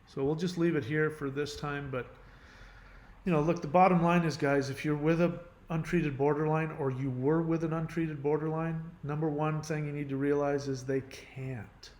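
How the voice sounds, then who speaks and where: A man's voice: on the high side, steady tone, normal speed, a little mellow, reverberant. A middle-aged man talking casually and rambling through an advice monologue, often restarting his sentences and using many "you know"s. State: has a headache. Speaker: channel host giving advice.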